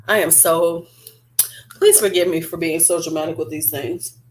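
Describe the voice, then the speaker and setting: A woman's voice: on the low side, slight background noise. A woman vlogger in casual, chatty beauty-review talk, rambling with fillers and asides. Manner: chatty and animated, drawn-out fillers.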